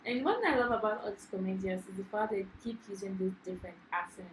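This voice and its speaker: A woman's voice: mid-range voice, quick pace, slight background noise. Female reaction-video co-host, enthusiastic and chatty, recorded in a roomy, echoey space. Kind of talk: casual reaction chat.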